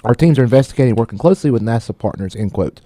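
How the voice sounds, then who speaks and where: Racing along with lively intonation, a man with a mellow, mid-range voice co-hosts a radio tech program, reading out news items. He frequently fumbles words and laughs at himself in this casual news chat, with no echo on the audio.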